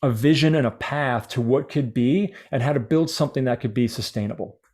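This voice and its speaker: A man, organizer of a speakers' training program, talking eagerly in a relaxed chat and often restarting his sentences. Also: medium pitch, fairly quick. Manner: eager, many restarts and fillers. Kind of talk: casual video-call chat.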